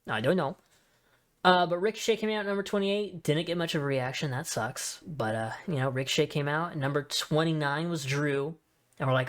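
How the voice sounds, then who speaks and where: A man hosting a podcast in a casual solo chat, talking in an excitable, rambling way with many asides. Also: fairly high pitch, fairly quick. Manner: excitable, rambling fan talk with frequent fillers and asides. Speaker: wrestling podcast host.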